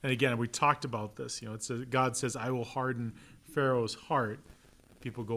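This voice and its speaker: A male pastor with a mid-range voice and an Upper Midwest American accent teaches a relaxed Bible class in a church classroom. He's conversational and joking, often asking "right?" and acting out quick voices.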